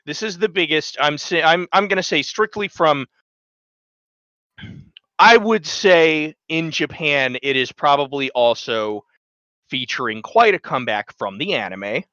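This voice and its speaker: A man's voice: on the high side, animated, a little slow, bright, forceful tone, no room sound, highs cut off. A man co-hosting a casual podcast, chatty and eager, often trailing off and restarting his sentences. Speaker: podcast co-host.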